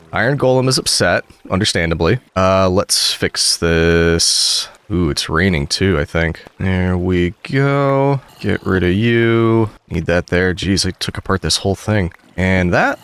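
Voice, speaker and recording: A low-voiced man narrating his own gameplay in a chatty, excitable way. He talks straight to the creatures on screen, coaxing and scolding them, then explains his plans to the viewer. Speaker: gaming video creator. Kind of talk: gameplay commentary.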